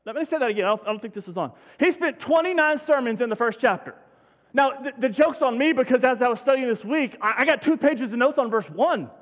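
A man's voice: very high voice, animated, quick pace, hardly any pauses, a bit bright, big-room sound. A man preaching a sermon as pastor, folksy and self-deprecating, with many restarts. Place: church sanctuary.

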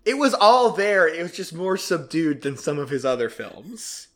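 A man's voice: fairly high pitch, moderate pace. A man hosting a casual movie-review podcast, scoring his co-hosts' predictions and laughing often. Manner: laughs often, jokey and animated.

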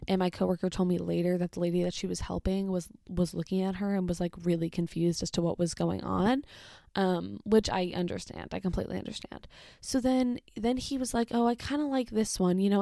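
A young woman telling a story casually, chatty and full of "like", swearing and animated as she retells it. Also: medium pitch, creaky, no echo, studio quality. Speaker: retail worker telling a story.

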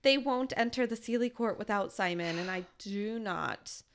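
A woman's voice: mid-range voice, normal speed. A woman in her thirties hosting a casual podcast chat, recapping a book in a playful way with frequent laughter. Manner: laughs often, playful and chatty.

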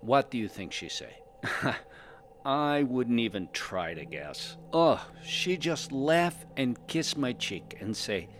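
A man's voice: medium pitch, sing-song, slow, slight background noise. Man doing chatty pandaren husband in broken English. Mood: cheerful. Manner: broken English, drops articles and verb endings. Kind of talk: in-character fan podcast storytelling.

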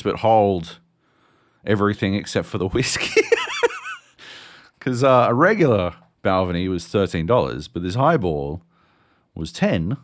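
A man, co-hosting a podcast and telling a story in an animated, swearing way. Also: deep voice, measured pace, long pauses. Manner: animated, swears a lot, acts out voices. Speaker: podcast co-host. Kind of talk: casual storytelling chat.

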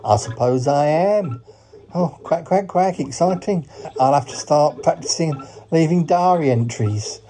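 A man's voice: on the high side, lively intonation, measured pace, warm tone, slight background noise, pitched above the performer's own voice. Man voicing a quacking talking duck. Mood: eager. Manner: says quack, quack, quack after his sentences. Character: cheerful polite male talking duck. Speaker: podcast character.

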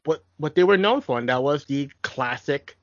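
A young man in casual podcast chat, talking with eager film-buff energy and frequent restarts. His voice sits a little high for a man. The recording is close and dry, with a dull, muffled tone. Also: animated, moderate pace, fairly bright tone, no room sound. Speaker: podcast co-host.

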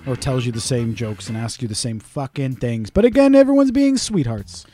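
This co-host's voice is medium-pitched, very animated, and warm, with soft music underneath. Chatting casually on a podcast, he rattles off stories quickly, swearing heavily and performing the quotes.

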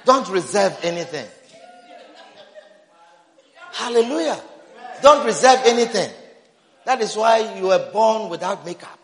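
A man preaching a sermon, repeating his phrases and breaking into shouts, recorded in a church. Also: high-pitched, expressive, moderate pace, long pauses. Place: church sanctuary. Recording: roomy hall reverb.

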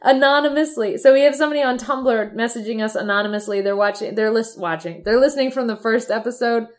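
Giggly midwest woman cohost, chatty, voice a bit high. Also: fast talker. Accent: Midwestern American. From Michigan, USA. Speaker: podcast co-host. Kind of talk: casual podcast chat.

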